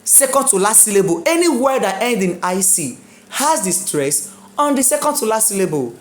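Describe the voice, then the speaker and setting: A woman teaching an exam prep lesson, drilling words slowly, spelling them out letter by letter and checking in with her students. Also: mid-range voice, big pitch swings, slight background noise. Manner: checks in with listeners often. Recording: echoey room.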